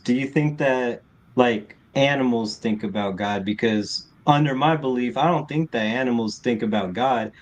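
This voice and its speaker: A man in a casual debate, explaining his reasoning in a measured way. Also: medium pitch.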